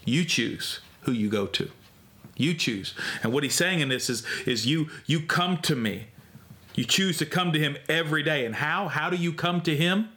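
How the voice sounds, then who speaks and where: A man's voice: fairly high pitch, lively intonation, normal speed, bright, forceful tone. A man preaching a sermon, conversational and emphatic, repeating key phrases with rising intensity. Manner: conversational with restarts and fillers.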